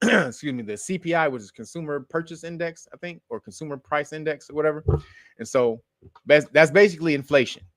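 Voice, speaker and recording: A man hosting a casual commentary show, rambling and profane, who corrects himself often and breaks into loud laughter. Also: fairly high pitch, no echo, clean studio sound. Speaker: show host.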